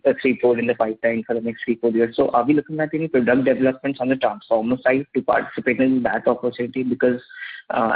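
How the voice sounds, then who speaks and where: A man's voice: medium pitch, slightly rough. A man with an Indian English accent, politely asking an analyst's questions on an earnings call. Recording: tinny phone line.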